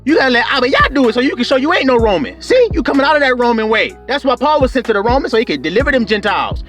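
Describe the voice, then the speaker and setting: A high-pitched male preacher with wildly lively swings of pitch, preaching with fervor. He calls out to his listeners, whoops and shouts. Faint music plays underneath. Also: very fast, hardly any pauses. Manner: fervent, call-and-response preaching with whoops and shouts. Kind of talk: sermon.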